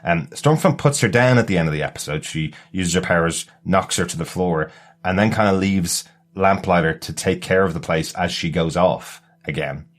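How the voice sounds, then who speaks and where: A man's voice: sits low, moderate pace. A man hosting a podcast in casual chat, rambling along with lots of fillers and restarts. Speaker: podcast host.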